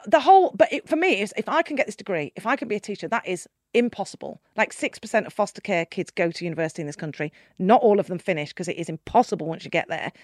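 A middle-aged woman tells her story in conversation, candid and emphatic. Her voice sits at a middle pitch and sounds close and dry, with no room around it. She moves quickly between hushed and loud. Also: no echo. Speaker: guest, keynote speaker.

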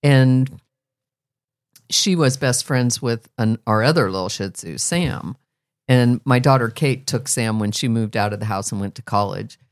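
A middle-aged woman hosting a podcast, chatting casually and telling a story with lively rises in her voice. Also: very deep voice, unhurried, dry recording, clean studio sound. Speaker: podcast host. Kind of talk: casual chat.

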